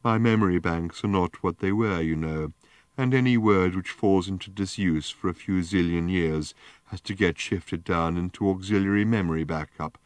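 A man voicing an ancient, rusted, depressed male robot in an audiobook, with a slow, groaning, gloomy drawl. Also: low-pitched, clear, resonant tone, no room sound, close to an everyday voice.

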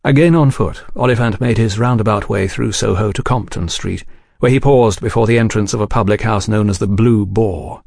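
A man reading a novel aloud in a measured, even audiobook narration. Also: lowish voice, creaky, dry recording, clean studio sound.

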